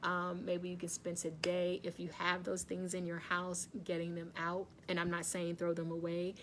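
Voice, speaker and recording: A woman's voice: on the low side, monotone, moderate pace, fairly bright tone, slight background noise. Chatty woman hosting a live stream. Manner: chatty, laughs often, greets commenters by name. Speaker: wellness livestream host. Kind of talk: casual live-stream chat with viewers. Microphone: phone or webcam facing her.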